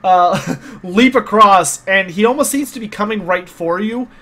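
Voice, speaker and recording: A man's voice: high-pitched, unhurried, bright, forceful tone. A man narrating a tabletop game as game master, explaining the rules patiently with many small hesitations.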